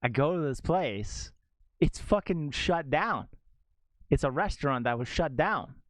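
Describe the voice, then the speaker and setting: A man's voice: on the high side, unhurried, dry recording, studio quality. A young adult man streaming a game, telling a rambling casual story to viewers with lots of "like" in his speech. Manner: rambling, animated, heavy use of "like".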